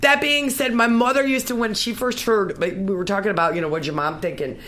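A middle-aged woman with a deep, sultry voice, chatting playfully as a guest on a talk show. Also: a little fast. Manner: lively, playful storytelling. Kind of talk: casual talk show chat.

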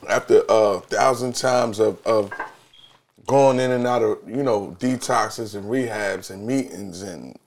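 A man's voice: on the low side, measured pace, darkish tone, a little hiss or hum. A man, telling his personal story candidly and reflectively as a podcast guest.

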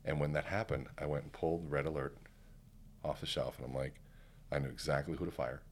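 A man's voice: rumbling low, a little fast, a little hiss or hum. A man telling a story in casual conversation as a podcast guest, acting out what people said. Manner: animated, acts out quoted dialogue. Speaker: podcast guest, keynote speaker.

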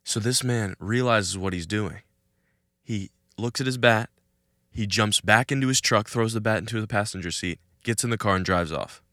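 A young male podcast host tells a story outdoors, chatting casually and laughing now and then. His voice sits a little low but sounds bright and forward. The sound is dry, with almost no room echo. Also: normal speed. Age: young adult. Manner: animated storyteller, laughs between lines. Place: outdoors in a cul-de-sac.

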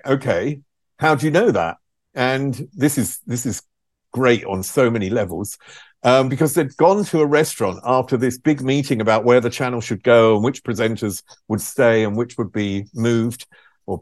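A man's voice: medium pitch, dry recording, studio quality. An older man, a former presenter telling candid stories in an interview, frank and self-deprecating, laughing at himself. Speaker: former music TV presenter, guest. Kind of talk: candid conversational storytelling.

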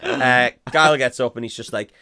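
Casual guy co-hosting a bad-film podcast, swears a lot, acts out scenes in goofy voices, middle-pitched voice. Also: normal speed, pushed and bright, smooth. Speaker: podcast co-host. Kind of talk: casual comedic film review chat.

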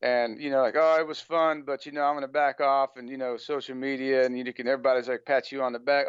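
A man's voice: medium pitch, level tone, fast, hardly any pauses, smooth, no echo, lo-fi sound. An American man speaking as a guest on an interview podcast, talking casually with a rambling flow full of "you know" fillers. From United States.

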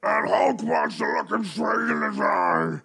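A man voicing the Hulk, shouting a furious rant of insults. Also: sits high, measured pace, vocal fry, pitched above the performer's own voice, heavily acted. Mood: raging. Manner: shouting, roaring insults in a strained voice. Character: raging green giant doing an angry office rant.

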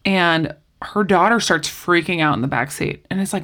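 A woman in casual conversation, telling a story with lively acted-out quotes. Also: on the low side, normal speed. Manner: animated storyteller, acts out quoted voices. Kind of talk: casual chat.

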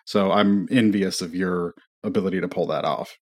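A man's voice: sits low, fairly even intonation, normal speed, darkish tone. A man co-hosting a podcast, friendly and chatty in casual conversation. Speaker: podcast co-host. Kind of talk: casual chat.

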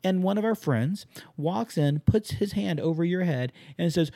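A young adult man hosting a casual chat, telling stories in a blunt, profane, animated way. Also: high-pitched, normal speed, few pauses, dry recording, clean studio sound.

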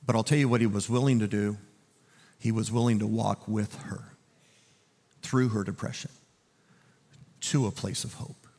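A man preaching a conversational sermon as a pastor, dropping to a hushed, gentle tone and then rising into loud, urgent appeals. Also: on the low side, steady tone, moderate pace, pauses often, long reverb tail. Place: church auditorium.

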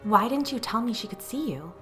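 A woman voicing a protective young mother who is anxious and quick to snap, in a storybook reading. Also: fairly high pitch, lively intonation, faint music behind, voice pushed up, natural voice. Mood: worried.

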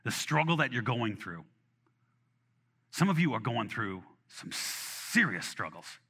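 Husky and unhurried, a pastor delivers a sermon with a bright, forceful tone and a lively, swinging pitch. He speaks conversationally and animatedly, with restarts, repeated words and acted asides. His voice echoes in a big hall with long reverb and occasionally wanders off-mic.

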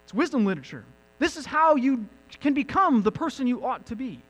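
Animated high-voiced preacher, lively pitch. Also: male voice, a little fast, poor audio. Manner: animated teaching with emphatic asides. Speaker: pastor. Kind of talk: sermon. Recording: mains hum in background.

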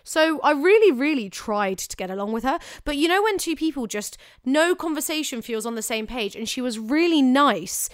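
A young woman with a bright, higher voice and a smooth, clear tone chats emphatically, doubling back on her words. She sounds dry and close to the mic. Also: expressive, moderate pace, hardly any pauses, dry recording. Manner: chatty, emphatic, self-correcting. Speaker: podcast co-host giving acting advice. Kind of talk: casual chat.

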